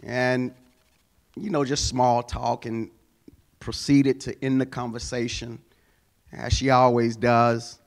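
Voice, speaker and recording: A man's voice: medium pitch, level tone, slow, pauses often. A male pastor preaching a sermon, telling a personal story and building to emphatic exhortation.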